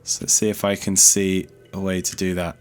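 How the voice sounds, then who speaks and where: A man's voice: sits low, level tone, moderate pace, clear, resonant tone, faint music behind. A man giving casual gameplay commentary as a let's play host, chatty and thinking aloud as he explores, easily startled.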